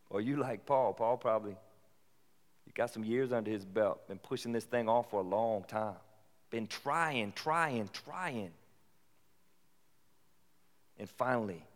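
A man preaching a sermon in a casual, conversational way that rises into animated bursts. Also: on the low side. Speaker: pastor. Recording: long hall reverb.

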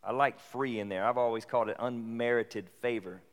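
A man preaching a sermon in a casual, conversational way that rises into animated bursts. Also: medium pitch, fairly quick. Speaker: pastor. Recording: long hall reverb.

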